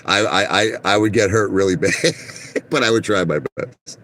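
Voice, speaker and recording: A man's voice: lowish voice, moderate pace, fairly bright tone. A middle-aged man from Brooklyn, telling rambling, boastful stories to his viewers from inside his car and repeating "listen to me" and "okay?". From Brooklyn, New York. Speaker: vlogger.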